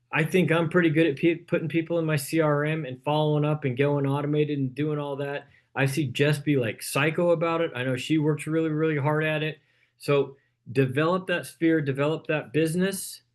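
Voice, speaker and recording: A man leading a real estate team training, coaching in a punchy way and often checking in with "okay?". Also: on the high side. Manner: coaching, punchy, repeats "okay?" after points.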